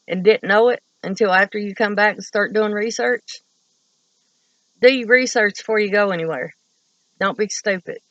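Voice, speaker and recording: A woman's voice: medium pitch, a bit bright, no room sound, muffled recording. A woman from Kentucky telling stories in a rambling, profane, blunt way. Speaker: vlogger. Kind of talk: casual storytelling.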